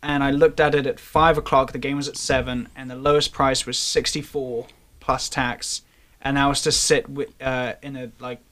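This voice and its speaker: A man's voice: mid-range voice, little pitch movement, moderate pace, a bit bright. A young man with an English accent, co-hosting a casual podcast chat and telling rambling, self-mocking stories. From England. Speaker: podcast co-host.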